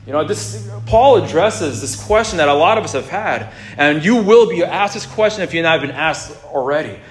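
A man preaching a sermon in a relaxed, conversational way, with jokes and asides to the congregation. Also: a little high, moderate pace. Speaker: pastor. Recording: echoey room.

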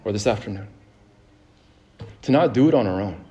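A male pastor delivering a sermon, moving between fervent exhortation and calm storytelling, with frequent fillers and repeated words. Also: on the low side, normal speed, lo-fi sound. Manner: rising fervor, then a calm storytelling tone.

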